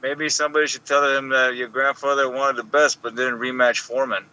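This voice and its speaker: A man's voice: medium pitch, level tone, fairly quick, sharp tone, clear, resonant tone, rough recording. A man co-hosting a podcast in casual chat, joking and hesitant. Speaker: podcast co-host.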